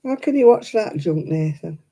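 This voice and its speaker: A woman's voice: on the low side, expressive, moderate pace, warm tone. An older woman with a thick Oldham accent, chatting casually with live viewers while she crochets, opinionated and laughing often. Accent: Oldham, Lancashire. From Oldham, England. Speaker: crochet livestream host. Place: home, crafting at a table.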